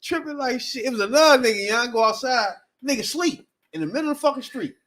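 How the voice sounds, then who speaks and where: Animated high-voiced man telling a story. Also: quick pace. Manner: animated storytelling, shouts and laughs while acting out quotes. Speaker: podcast co-host. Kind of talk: casual podcast chat.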